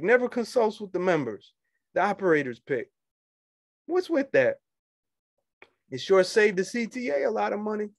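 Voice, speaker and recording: A man, a union organizer talking casually to fellow members, animated and quick to laugh and scoff. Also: high-pitched, creaky, no room sound, studio quality. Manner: animated, laughs often, dismissive asides.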